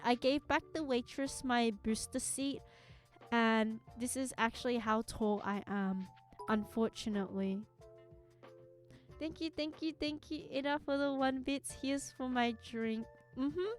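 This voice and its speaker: High-voiced, teasing woman streamer. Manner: playful, teasing, giggly. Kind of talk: casual chat.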